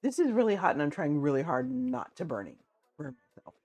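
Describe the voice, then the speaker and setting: A woman's voice: low-pitched, sing-song, brisk, warm tone. A woman livestreams while eating, chatting easily with her viewers. Her voice rises and falls a lot as she answers them and laughs along. Music plays faintly behind her. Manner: chatty, reads chat aloud, laughs often. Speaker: streamer.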